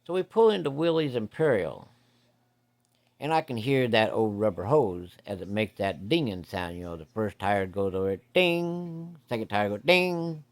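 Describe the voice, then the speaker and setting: A man's voice: fairly low pitch, lively intonation, moderate pace, a little mellow. A man telling a hunting story in a folksy, profane, vivid way. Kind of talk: casual spoken storytelling.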